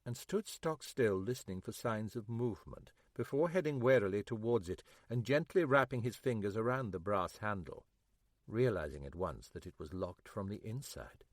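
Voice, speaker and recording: A man's voice: lowish voice, animated, moderate pace, no room sound. Man narrating an audiobook, dry. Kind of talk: scripted narration.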